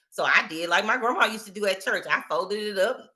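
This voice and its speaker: A middle-aged woman telling her story as an interview guest, animated and acting out the voices she quotes. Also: medium pitch, a little fast.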